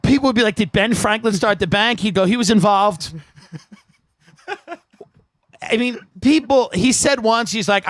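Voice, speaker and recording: A man telling a comedic story, animated and profane, acting out the people in it with bursts of shouting. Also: very high voice, normal speed, no room sound.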